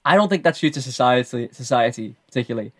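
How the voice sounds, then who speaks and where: A man's voice: medium pitch, animated, fast talker. A man in casual podcast conversation, reflective, explaining his views at length and often repeating words as he thinks.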